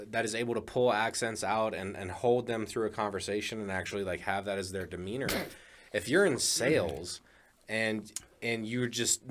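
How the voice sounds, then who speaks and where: A man's voice: mid-range voice, a bit bright. A man with a Colorado accent co-hosting a casual studio podcast, agreeing and chiming in. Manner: agreeable, chimes in briefly. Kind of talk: casual chat. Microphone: studio microphone.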